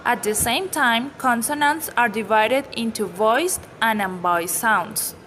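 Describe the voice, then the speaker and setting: A woman with a fairly high voice narrates a scripted pronunciation lesson. Her delivery is steady, measured and explanatory, with a faint hiss of noise behind her. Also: rough recording. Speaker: pronunciation teacher.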